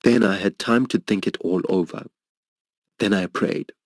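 In a little slow delivery with no echo, a middle-aged man shares a personal story while preaching. The sermon testimony is earnest and emotional, and he speaks others' words in a higher voice.

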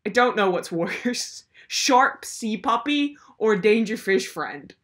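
A woman's voice: mid-range voice, lively intonation, slow pace, fairly bright tone. A young woman hosting a comedic commentary video, ranting in a sarcastic, exasperated way. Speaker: video host.

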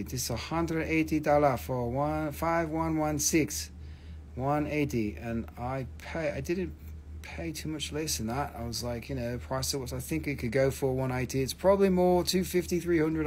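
Excitable man selling rocks live. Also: on the high side, slight background noise. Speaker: online rock and mineral seller. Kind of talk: live sales stream. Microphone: phone.

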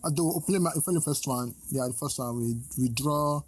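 Excitable young man gaming host. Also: a little high, a little fast, a little hiss or hum, poor audio. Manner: excitable, exclaiming and laughing a lot. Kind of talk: excited gameplay commentary.

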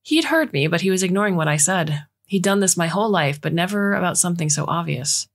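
A woman reading a short story aloud in a measured storytelling manner as scripted narration. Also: on the low side, lively intonation. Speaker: audiobook reader.

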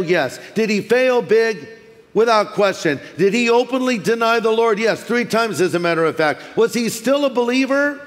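A man from California preaching a sermon as pastor, animated and humorous, acting out voices in his stories. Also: high-pitched. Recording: long reverb of a large hall.

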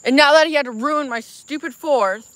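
A woman streaming live, angrily venting to her chat and apologizing over and over while clearly upset. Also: high-pitched, normal speed, fairly bright tone, no echo. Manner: angry venting, repeated apologies. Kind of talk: casual livestream chat.

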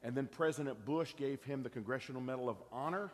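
A man, a pastor telling a story to his church in a lively, folksy way. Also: medium pitch, quick pace. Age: 50s. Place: large church auditorium. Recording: long hall reverb.

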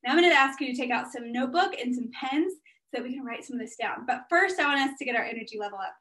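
A woman with a high, bright speaking voice gives an energetic workshop talk as a guest speaker. She sounds upbeat and chatty and keeps encouraging the audience she addresses. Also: racing. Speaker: guest speaker and business owner.

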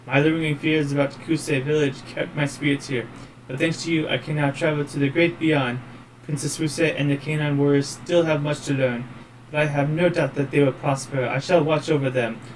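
A man's voice: on the high side, steady tone, moderate pace, far from the mic, a little hiss or hum, natural voice, low-quality recording. A man doing a solemn old ghost priest. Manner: mock French accent.

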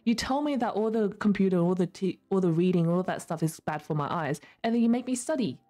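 A woman's voice: medium pitch, expressive, fast talker, mellow. A young woman streaming, chatting casually with her viewers while she plays, laughing often. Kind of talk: casual chat while gaming.

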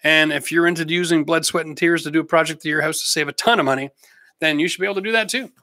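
Brief: middle-aged Canadian male host, talks through viewer questions in a bright, slightly high voice, easygoing and jokey. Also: rapid-fire, dry recording, studio quality. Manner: chatty, practical, jokey asides. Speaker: host answering live chat questions. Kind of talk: casual livestream chat.

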